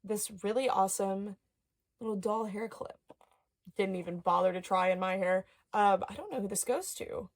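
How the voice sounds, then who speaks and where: A young adult woman chatting casually as she unboxes dolls and toys, excitable, with gasps and soft murmured asides. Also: medium pitch, moderate pace. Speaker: doll collector YouTuber.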